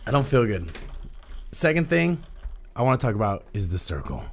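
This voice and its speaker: A man's voice: medium pitch, very animated, normal speed, vocal fry, slight background noise. A hungover man hosting a casual podcast, rambling and repeating himself, swearing freely. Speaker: podcast host.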